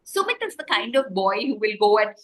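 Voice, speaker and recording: A woman's voice: mid-range voice, a little fast. A woman author telling a story to children over a video call, stopping often to ask them questions. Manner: animated, asks the children questions.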